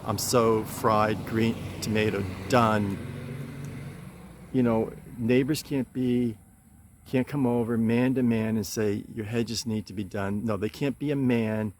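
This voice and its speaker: A middle-aged man hosting his own casual outdoor vlog, rambling and frustrated, apologizing between rants. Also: fairly low pitch. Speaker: channel host. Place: outdoors by his garden hedges.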